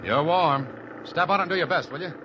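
An actor playing a tough, wisecracking American adventurer with a dry, hard-boiled delivery, in 1940s radio acting. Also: male voice, a little high, a little fast, noisy background, natural voice. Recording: muffled old radio recording with music.

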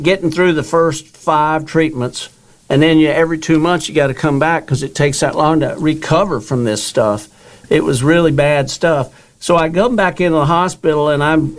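An older man, a guest author, telling his own story in an interview and acting out the dialogue he quotes. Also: on the high side.

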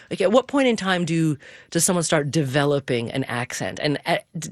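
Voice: medium pitch, dry recording, clean studio sound. A radio host from the US West Coast, asking questions and steering the interview in a conversational way. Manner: conversational, leads with questions and segues.

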